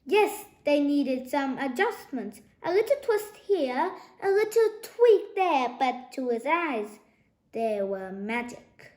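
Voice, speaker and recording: A woman reading a children's novel aloud, narrating in an expressive, lively way, recorded in an echoey room. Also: high voice. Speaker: storybook narrator.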